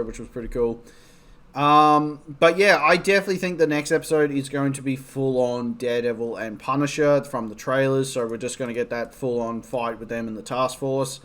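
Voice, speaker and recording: A man's voice: fairly high pitch, fairly bright tone. A young man casually reviewing a TV episode with a blocked nose, rambling with plenty of ums and likes and swearing freely. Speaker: TV show reviewer.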